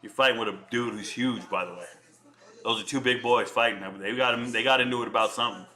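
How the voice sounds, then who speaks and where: Bright-voiced chatty man streaming from home. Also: medium pitch, fast talker. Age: 40s. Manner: chatty, riffing and answering viewer comments. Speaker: live-stream host. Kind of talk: casual live-stream chat.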